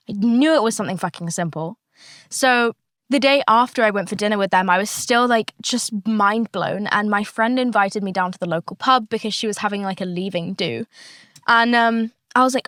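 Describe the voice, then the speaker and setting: A young woman chatting candidly on her solo podcast, her voice sitting a little high. She talks freely, swears often, and is recorded close and dry with no room sound. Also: a little fast, fairly bright tone, no room sound. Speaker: podcast host. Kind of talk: casual solo podcast chat.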